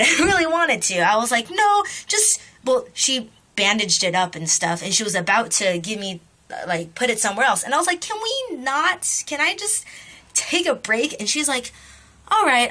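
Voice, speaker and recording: Animated young woman vlogger, bright voice. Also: fairly high pitch. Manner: animated, swears freely, laughs while telling. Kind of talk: casual storytelling vlog.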